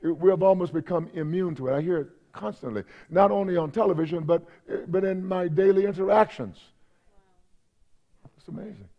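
A man's voice: high-pitched, a little fast, few pauses, lo-fi sound. A man preaching a sermon in a conversational way, repeating himself and checking in with the congregation. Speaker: pastor.

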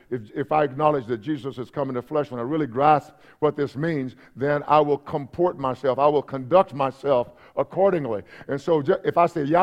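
A man's voice: mid-range voice, lo-fi sound. A man preaching a sermon in a conversational way, repeating himself and checking in with the congregation. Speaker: pastor.

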